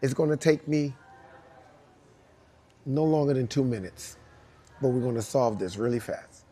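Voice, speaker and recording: A man with a New York accent, speaking to young dancers and telling animated stories with repeated emphasis and acted-out quotes. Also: on the low side, slight background noise. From United States. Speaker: guest dancer speaking to students. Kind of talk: casual storytelling talk.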